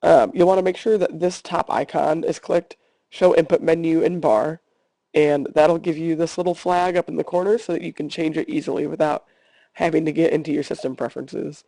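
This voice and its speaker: A man with a fairly high voice that still sounds dark and mellow walks students through a screencast tutorial. He explains each step calmly and patiently. The sound is dry and close, with no room tone. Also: brisk, gravelly, no echo. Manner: calm step-by-step instruction. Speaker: Spanish teacher.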